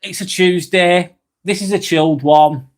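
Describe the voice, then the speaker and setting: A man hosting a slow, rambling live-stream vlog, reading out viewer comments with many fillers and apologies, a little under the weather. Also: sits high, steady tone. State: slightly under the weather, occasional cough.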